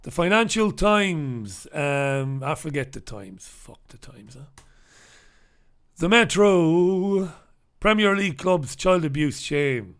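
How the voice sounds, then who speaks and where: A man's voice: on the high side, expressive, slow pace, fairly bright tone, clear, resonant tone. A man hosting a newspaper review, ranting in a sarcastic, profane, opinionated way. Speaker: host.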